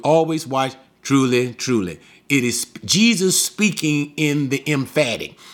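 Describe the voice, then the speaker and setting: A man leads a verse-by-verse Bible study, pressing each point with repetition and rhetorical questions. His voice sits a bit high and swings widely in pitch. He sometimes sinks to a low, quiet tone. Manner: emphatic, repeats key phrases, asks the audience rhetorical questions. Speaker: Bible teacher.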